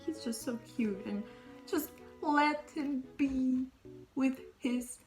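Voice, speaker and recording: Slow, gushing young woman book vlogger. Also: high voice, darkish tone, faint music behind, rough recording. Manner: gushing, rambling, with breathy whispered asides. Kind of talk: casual book talk.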